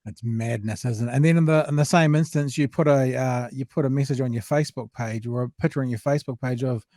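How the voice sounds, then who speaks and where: A man's voice: mid-range voice, fast talker, dark tone, no echo, clean studio sound. A man hosting an interview, asking chatty, curious questions. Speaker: radio host. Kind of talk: casual interview.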